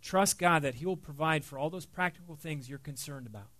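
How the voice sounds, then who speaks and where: A man's voice: fairly high pitch, a little fast, no echo. A middle-aged man giving a conversational, earnest sermon with a personal story, as the pastor. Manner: conversational, earnest, with many fillers and soft dips.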